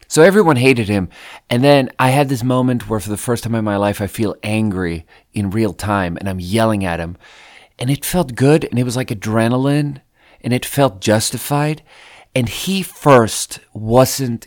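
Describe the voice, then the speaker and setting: Low-voiced man telling a rambling story. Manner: rambling and profane, with frequent fillers. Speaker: podcast host. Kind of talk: casual storytelling.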